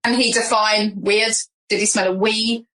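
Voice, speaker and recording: A woman's voice: mid-range voice, flat delivery, a little slow, pushed and bright, a little hiss or hum, rough recording. A woman playing in an improvised tabletop game, casual and playful, hesitating with frequent ums. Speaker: player.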